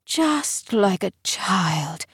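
A woman voicing an ancient undead female lictor in an audiobook, speaking slowly and quietly in a breathy half-whisper with a taunting, menacing manner. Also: medium pitch, sing-song, no room sound, studio quality, exaggerated voice. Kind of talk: audiobook character voice.

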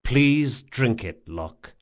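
A man plays a big, powerful thief in an audiobook, loyal to the bone. His words come slow and measured, with a firm edge that can turn fierce. Pitch moves widely around the line. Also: expressive. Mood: controlled firm. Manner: measured and firm, bursting into roars. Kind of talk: audiobook character voice.

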